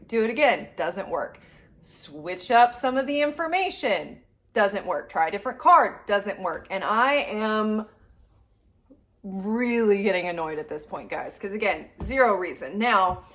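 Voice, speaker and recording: A woman's voice: mid-range voice, fairly bright tone. A woman vlogger venting in a rambling, frustrated casual rant to her viewers. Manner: frustrated, rambling, quick asides. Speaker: collector vlogger.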